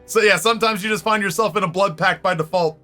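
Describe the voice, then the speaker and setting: A man streaming a game, telling a story in a casual, animated way, swearing freely and laughing often. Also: high voice, fast, soft background music.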